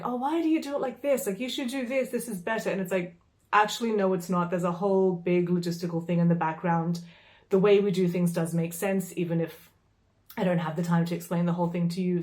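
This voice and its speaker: A woman tells a story straight to her viewers. Her voice sits at a middle pitch, and she talks in a loose, chatty way. She sounds exasperated, with plenty of fillers and an occasional swear. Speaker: vlogger. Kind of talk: casual storytelling vlog.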